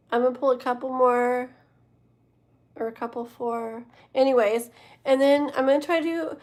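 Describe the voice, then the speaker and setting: A woman's voice: fairly high pitch, darkish tone. A woman hosting a late-night livestream as a tarot reader, chatting casually with her viewers in a rambling way and sounding tired. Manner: chatty and rambling, talking to viewers in chat, many fillers and self-corrections. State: tired and yawning.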